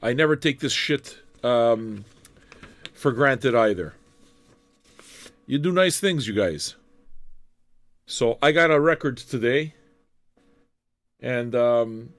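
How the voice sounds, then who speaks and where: A man's voice: medium pitch, slow, long pauses, a bit bright, no echo. A man from Canada hosts an internet radio show, talking loosely between records. His voice sits in an ordinary middle register and sounds dry and close to the mic. He rambles, curses freely and jokes with his listeners. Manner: profane, rambling, jokey. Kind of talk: casual DJ chat.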